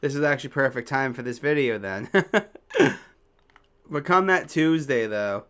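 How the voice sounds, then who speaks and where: A young man in his twenties tells a story in a casual, rambling way. He swears freely and laughs at himself. His voice is smooth and clear, at an ordinary middle pitch. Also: normal speed, fairly bright tone. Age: 20s. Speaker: vlogger.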